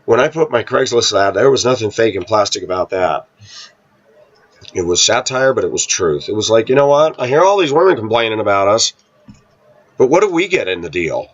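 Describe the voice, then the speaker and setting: A man talking casually to his viewers, telling a rambling personal story and often clearing his throat. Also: on the low side, sing-song, fairly quick, lo-fi sound. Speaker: vlogger. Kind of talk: casual monologue to camera.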